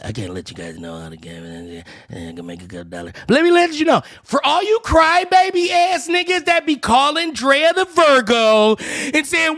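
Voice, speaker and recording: A man hosting a live-stream reaction, talking casually and breaking into loud joking rants. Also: extremely high pitch, fairly quick, hardly any pauses.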